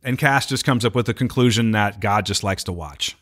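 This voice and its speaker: A man's voice: on the low side, brisk, fairly bright tone. A man co-hosting a podcast, recapping an episode in casual chat and slipping into playful character voices. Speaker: podcast co-host.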